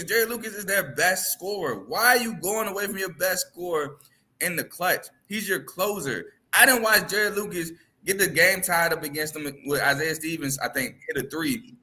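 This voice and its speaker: A man with a slightly high, bright, forceful voice breaks down a basketball game on a podcast. He hammers his points with rhetorical questions, talking casually but with plenty of emphasis. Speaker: podcast co-host. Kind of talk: casual sports chat.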